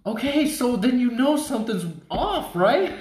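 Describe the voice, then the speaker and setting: A man co-hosting a casual podcast, teasing his friends with animated bursts and laughter. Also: very high voice, a little slow. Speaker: podcast co-host. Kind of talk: casual chat. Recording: echoey room.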